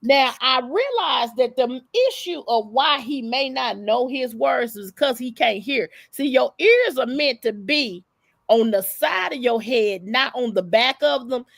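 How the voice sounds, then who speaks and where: A woman hosts a live stream, talking in a high, gravelly voice. She gossips casually, sassy and profane, and hammers her points home. The sound is dry and close, with no room echo. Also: measured pace, fairly bright tone. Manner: sassy, profane, emphatic storytelling. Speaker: livestream host.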